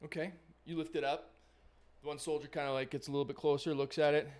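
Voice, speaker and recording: A man's voice: on the high side, flat delivery, fast. A man running a live tabletop game as game master, narrating casually with lots of fillers and swearing.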